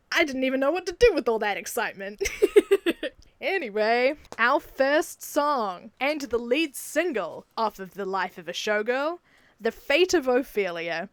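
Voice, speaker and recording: A young woman with a New Zealand accent talks in a casual video, gushing and laughing often as she goes. Her voice sits fairly high, and the recording is dry and close. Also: very animated, measured pace, no room sound. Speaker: video creator. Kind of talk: casual enthusiastic video commentary.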